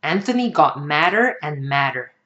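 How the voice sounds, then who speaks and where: A woman reading a children's picture book aloud in an expressive storytelling manner. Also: sits low, normal speed, dull audio. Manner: expressive, sing-song storytelling.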